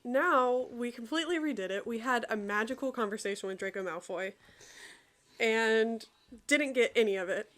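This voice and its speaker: A woman's voice: fairly high pitch, normal speed, fairly bright tone. A young woman chatting casually with a friend on a video. She giggles a lot, swears freely and makes fun of herself. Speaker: co-host. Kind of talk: casual chat reading out an AI conversation.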